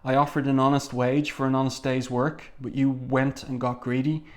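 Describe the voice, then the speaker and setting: A sneering, treacherous male boss mocking his victim, read out by a man in his own plain voice. The mockery sits at an ordinary middle pitch. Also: little pitch movement, normal speed, close to an everyday voice.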